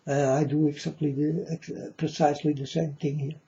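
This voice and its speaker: A man delivers a preachy monologue to viewers in a slightly high but very dark, mellow voice. He talks haltingly and grandly, calling out to his folks again and again, on a dull lo-fi recording. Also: flat delivery, gravelly. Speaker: self-styled preacher vlogger.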